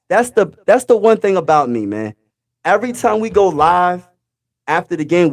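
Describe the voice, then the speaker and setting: Brief: male livestream host, slightly high voice, animated fan rant, repeats himself. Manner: animated, emphatic, repeats phrases. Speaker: sports live-stream host.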